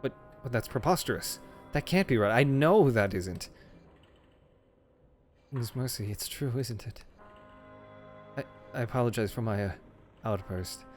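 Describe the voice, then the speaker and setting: A man's voice: medium pitch, expressive, measured pace, long pauses, faint music behind, lightly acted. A man voicing a flustered, stammering parent who is searching for a missing child.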